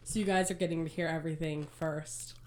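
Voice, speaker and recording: A young woman co-hosting a podcast in casual chat, bubbly and chatty, her voice still slightly raspy from a cold. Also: deep voice, fairly even intonation, brisk, darkish tone, slight background noise. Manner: bubbly, chatty, full of "like" fillers. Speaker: podcast co-host.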